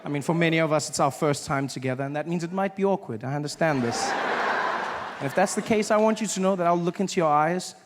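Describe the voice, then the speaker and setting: A man with a South African accent doing stand-up comedy on stage before a live audience, telling stories in an animated, playful way. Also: on the high side, fast talker, heavy background noise.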